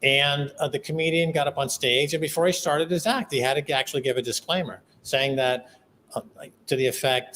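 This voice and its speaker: An older man, a guest on a casual live-stream chat, animated and jokey, with loud excited bursts. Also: a little high, a little fast, slight background noise.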